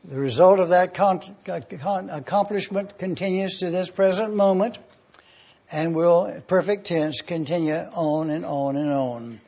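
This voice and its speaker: Brief: male preacher, husky, deliberate teaching delivery, dull lo-fi recording. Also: sits high, dark tone. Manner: slow, deliberate, repeats points for review. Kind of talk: teaching sermon.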